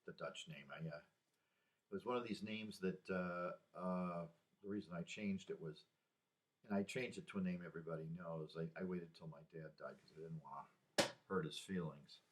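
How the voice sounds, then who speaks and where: A man in his sixties talking through personal memories in a rambling, halting way, with sighs and restarts. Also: low voice. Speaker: vlogger. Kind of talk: casual personal monologue.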